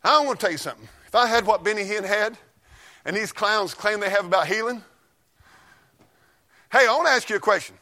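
A man preaching a fiery sermon, telling folksy stories and swinging from low mutters to loud shouts. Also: a little fast, pauses often.

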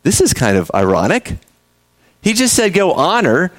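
A man preaching a sermon, telling the story with animated energy, acting out characters and speaking to the kids in the room. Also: high voice, normal speed, no echo. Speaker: pastor.

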